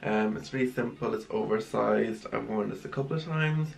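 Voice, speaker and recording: Chatty young man with a gravelly edge. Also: on the low side, moderate pace, low-quality recording. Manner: chatty, rambling with many fillers. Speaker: fashion vlogger. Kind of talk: casual haul vlog.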